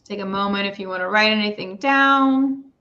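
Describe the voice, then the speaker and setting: A middle-aged woman guides a meditation and reads tarot on a livestream. Her voice is mid-pitched, soft and easygoing, and she wanders between soothing guidance and casual chat. The sound comes through a video call and is dull and lo-fi. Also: normal speed. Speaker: spiritual reader and stream host. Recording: dull lo-fi stream audio.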